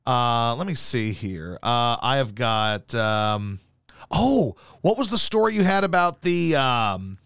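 Taking it slowly in a medium-pitched, slightly bright and smooth voice, a man hosting a talk show tells animated, rambling stories laced with profanity and fillers. The sound is studio quality with no echo.

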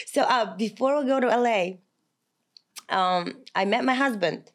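Woman guest, slightly high voice, lively storytelling, broken English. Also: moderate pace. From Kazakhstan. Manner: animated, laughing, broken English. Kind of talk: casual interview storytelling.

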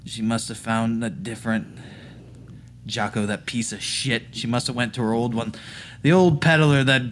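A man with an ordinary, mid-pitched voice plays a tabletop game. He talks crudely and laughs often, and a faint hum sits under the recording. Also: steady tone, moderate pace, a bit bright. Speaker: player. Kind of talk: tabletop role-play chat.

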